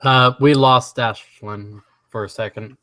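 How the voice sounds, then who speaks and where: A man's voice: mid-range voice, fairly even intonation, measured pace, pushed and bright, no echo. A man co-hosting a casual online group chat, telling jokes and reciting a comic poem. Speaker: podcast co-host.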